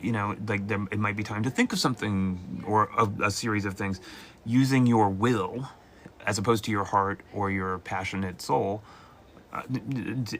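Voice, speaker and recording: A man's voice: on the low side, slight background noise. A man hosting a live call-in tarot reading, talking casually and playfully to viewers. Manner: animated, playful, jumps into mock voices. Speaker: tarot reader host.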